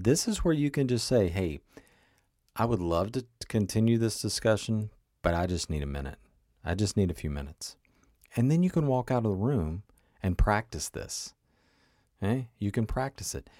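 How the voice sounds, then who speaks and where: A man's voice: lowish voice, dark tone, no echo, clean studio sound. A man giving an earnest coaching lesson, repeating key points and asking the listener questions. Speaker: teacher. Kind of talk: coaching talk on emotional regulation.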